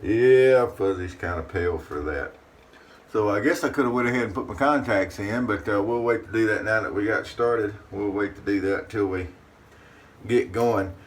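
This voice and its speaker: A man's voice: on the low side, moderate pace. A man hosting his shaving channel, chatting casually to the camera in a folksy way from his bathroom. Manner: folksy, talks about himself in third person. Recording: distant mic with faint room noise.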